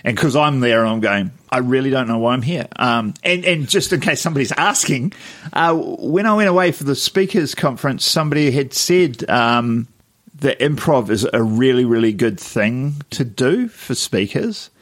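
A man co-hosting a podcast, telling stories in a lively way and acting out the people he quotes. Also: mid-range voice, moderate pace. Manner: animated storyteller who acts out the people he quotes; laughs often while telling stories. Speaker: podcast co-host. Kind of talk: casual chat.

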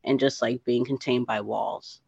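Woman guest from New Jersey, animated storyteller, dull dry lo-fi audio. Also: rumbling low, a little slow, gravelly, breathy edge, no room sound. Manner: animated, emotional storyteller with lots of "like" and "you know". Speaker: podcast guest, thru-hiker. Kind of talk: storytelling in a casual interview.

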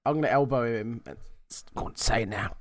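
A man's voice: mid-range voice, fast, no room sound, studio quality. A man playing a tabletop game and speaking in character in a teasing, playful way. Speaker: player. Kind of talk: in-character tabletop role-play.

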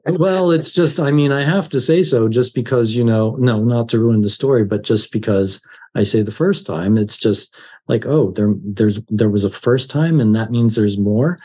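A man guest on a podcast, telling a personal story in a lively way and acting out his own fear with laughs. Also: medium pitch, moderate pace, slightly rough. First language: English. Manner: animated, laughs while telling, acts out his own panic. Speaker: life coach, podcast guest. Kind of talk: conversational storytelling.

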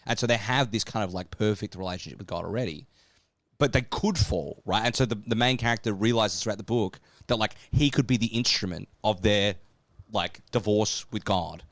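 Low-voiced man explaining casually. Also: brisk, a bit bright, no room sound. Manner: explanatory, filler-heavy, says "like" and "right?" often. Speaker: podcast co-host explaining catechism. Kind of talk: casual discussion.

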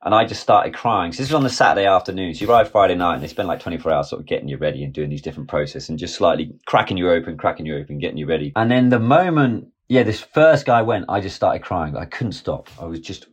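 A man in his forties with a lowish voice tells a candid story as a podcast guest. His speech is emphatic and full of swearing. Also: expressive, fast talker, few pauses, breathy edge. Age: 40s. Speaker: guest film director.

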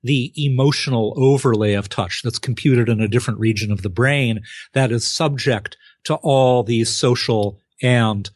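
A man answering as a guest expert in an interview, explaining clearly and acting out short examples with exclamations. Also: mid-range voice, moderate pace, hardly any pauses, no room sound, clean studio sound. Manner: lively, acts out examples with exclamations.

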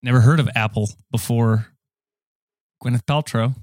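A man co-hosting a comedy podcast, halting and stop-start as he fumbles through celebrity impressions. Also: mid-range voice, fairly even intonation, darkish tone, dry recording, studio quality. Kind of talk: improvised comedy banter.

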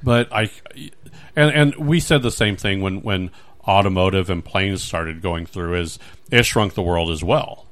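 A man hosting a podcast, chatting casually in a rambling, animated way with many restarts. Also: low-pitched, measured pace. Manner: rambling, animated, acts out little scenes. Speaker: podcast host. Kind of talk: casual chat.

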